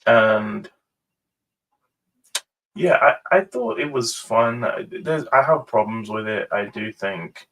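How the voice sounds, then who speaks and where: A man hosting a casual ranking review, rambling and hesitant with many pauses and fillers. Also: lowish voice, animated, a bit bright, distant mic, a little hiss or hum, low-quality recording. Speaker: host.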